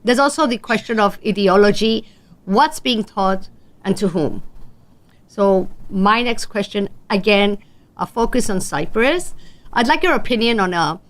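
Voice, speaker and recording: A woman hosting an interview, asking questions and giving short prompts in a soft-spoken way. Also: mid-range voice, lively intonation, a little slow. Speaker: host.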